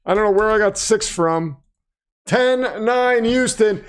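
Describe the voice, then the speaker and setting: A man hosting a casual livestream, chatting and commentating, flustered at times and prone to excited outbursts. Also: sits high, takes it slowly, clean tone. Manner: flustered, self-deprecating, breaks into excited shouts. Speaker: livestream host.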